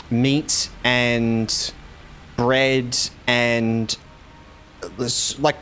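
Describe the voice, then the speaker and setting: A man's voice: mid-range voice, fairly bright tone, a little hiss or hum. A man with an Australian accent from Victoria, chatting casually with viewers while streaming a game. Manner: rambling, chatty, laughs easily.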